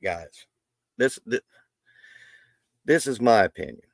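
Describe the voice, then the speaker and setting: A middle-aged man with a drawl hosts a live stream in a loose, folksy ramble, often restarting his sentences. His voice sits on the low side and sounds dry and close, with almost no room around it. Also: a little slow, no room sound. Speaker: livestream host. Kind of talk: casual live stream talk.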